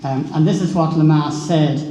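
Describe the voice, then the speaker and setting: A middle-aged Irish man giving a formal speech at a book launch, pausing often with filler sounds. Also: fairly high pitch, steady tone, mellow. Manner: hesitant, many filler sounds. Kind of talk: formal speech reading out quotes. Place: large echoey hall. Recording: echoey hall with long reverb.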